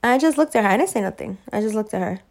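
A woman's voice: mid-range voice, lively intonation, racing, gravelly, darkish tone. A woman telling a personal story in a casual monologue, emphatic and heavy on profanity, laughing often.

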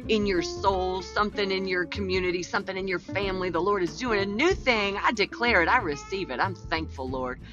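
A woman hosting a faith podcast, chatting casually, playfully talking to herself and breaking into exclamatory preaching. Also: mid-range voice. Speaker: podcast host. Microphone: podcast mic. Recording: dull lo-fi audio with faint music.

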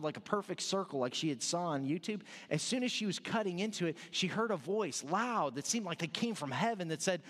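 A man's voice: high voice, fairly bright tone. A male pastor preaching a sermon in a loose, joking, conversational way, often restarting his sentences. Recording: long hall reverb.

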